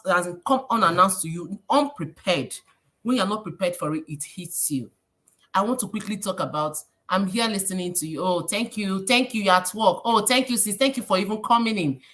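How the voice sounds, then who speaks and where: Nigerian woman livestreaming, animated, bright voice, preachy, pidgin phrases. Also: medium pitch. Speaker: livestream host. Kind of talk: casual livestream talk.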